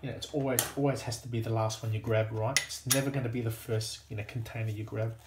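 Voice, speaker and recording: A man's voice: mid-range voice, steady tone, fast, reverberant, heavy background noise. A man with an Australian accent chatting casually to himself and his viewers while working at a workbench, self-deprecating and easygoing. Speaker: hobbyist watchmaker.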